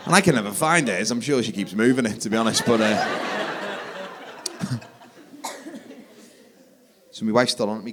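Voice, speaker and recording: A man in his forties doing a stand-up comedy set, energetic, jumping to loud shouted punchlines. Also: medium pitch, brisk, pauses often. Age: 40s. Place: theatre stage, live audience.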